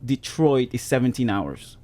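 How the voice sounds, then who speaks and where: A man hosts a relaxed podcast interview. His voice has a medium pitch, and he talks in an easygoing, conversational way while asking follow-up questions. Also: unhurried. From Philippines. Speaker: podcast host.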